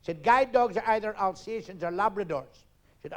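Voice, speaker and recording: A middle-aged man telling rapid-fire jokes on stage, loud and brash, acting out characters. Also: high voice. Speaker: stand-up comedian. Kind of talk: live stand-up joke telling. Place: theatre stage, audience laughter.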